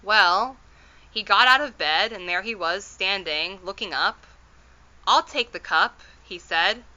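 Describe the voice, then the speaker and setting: Lady reading as old little borrower dad, rambly and folksy, slow, kinda muffled sound. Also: medium pitch, bright, forceful tone. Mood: explaining. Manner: rustic ungrammatical speech, rambling and reassuring. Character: elderly tiny male borrower, plain-spoken father. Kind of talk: storybook read-aloud.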